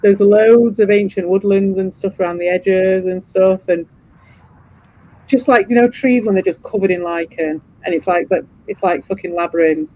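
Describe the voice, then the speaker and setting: A man streaming, chatting casually, swearing freely and rambling with animated energy. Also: high-pitched, normal speed, muffled recording. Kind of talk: casual chat.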